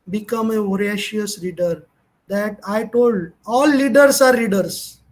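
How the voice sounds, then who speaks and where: In a rough recording, a middle-aged man with an Indian English accent delivers a motivational lecture to college students. His voice is high, and he speaks emphatically, changing his tone to illustrate stress.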